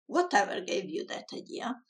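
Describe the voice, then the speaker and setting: A woman voicing a lonely, timid ghoul who hides in attics, speaking a little higher and louder than her narration. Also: big pitch swings, moderate pace, recorded from a distance, close to an everyday voice. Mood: cross. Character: lonely timid household ghoul, sulky and pleading.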